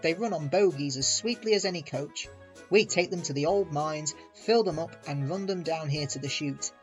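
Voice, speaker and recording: A man's voice: on the high side, normal speed, soft background music, natural voice. A man doing a cheeky little narrow-gauge engine. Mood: cheerful. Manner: cheerful and teasing.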